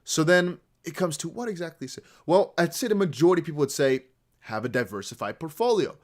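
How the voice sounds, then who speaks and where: Animated Dutch man hosting a crypto stream. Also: on the high side, fast. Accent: American-sounding English with slight Dutch traces. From Netherlands. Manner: rambling, animated, talks to chat. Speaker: crypto livestream host. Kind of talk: casual livestream chat.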